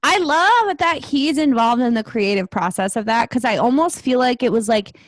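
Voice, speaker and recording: A woman's voice: a little high, lively intonation, normal speed, no room sound. A woman co-hosting a podcast in casual chat, thinking aloud and rambling with many fillers. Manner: thoughtful, rambling with many likes. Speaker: podcast co-host.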